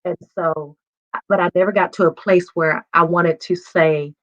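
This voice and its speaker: A woman in her forties shares a candid, emotional personal testimony, breaking into laughs as she goes. Her voice sits low. The recording sounds dull and lo-fi. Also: steady tone, a little slow, fairly bright tone. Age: 40s. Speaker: guest.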